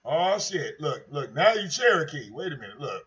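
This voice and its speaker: A high-voiced man holds forth on his own livestream in a brash, profane and mocking way, circling back over the same points. His voice comes through dull, lo-fi stream audio. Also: sing-song, normal speed, a bit bright. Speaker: livestream host. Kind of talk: casual livestream rant.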